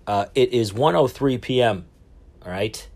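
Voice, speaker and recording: A man's voice: mid-range voice, animated, a little slow, darkish tone. Man, solo podcast host, rambling, profane, self-mocking, casual chat. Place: cabin aboard a cruise ship.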